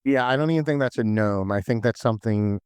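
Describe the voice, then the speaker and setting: A man hosting a casual chat, easygoing and explanatory, recorded close in a quiet room. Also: mid-range voice, quick pace, clear, resonant tone, dry recording. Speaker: host explaining game lore.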